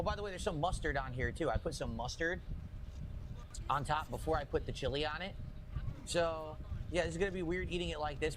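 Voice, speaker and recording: Defensive chatty streamer, noisy background. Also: male voice, fairly high pitch. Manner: defensive, explaining himself at length. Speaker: livestreamer. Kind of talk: casual livestream chat. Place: his own room.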